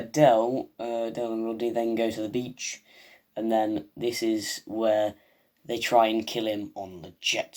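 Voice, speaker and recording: A man's voice: lowish voice, a little mellow. A man hosting a video, giving a rambling, casual recap of a TV episode full of "um" and "like". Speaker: video host.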